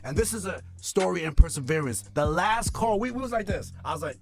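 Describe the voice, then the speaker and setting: A man's voice: sits high, animated, fairly quick, vocal fry, over music. A man telling his own story in an interview, acting out the people he quotes and laughing often. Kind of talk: animated storytelling.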